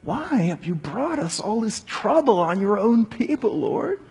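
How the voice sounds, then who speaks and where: A man's voice: high voice, sing-song, measured pace, vocal fry, darkish tone, husky, voice pushed up, exaggerated voice. A man voicing an anguished prophet who protests to God with pleading questions. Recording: long hall reverb.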